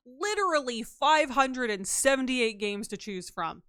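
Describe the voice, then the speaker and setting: A woman's voice: high-pitched, animated, unhurried, a bit bright, smooth, no room sound, clean studio sound. A woman streamer chatting casually and playfully with her live chat, teasing and slipping into silly voices.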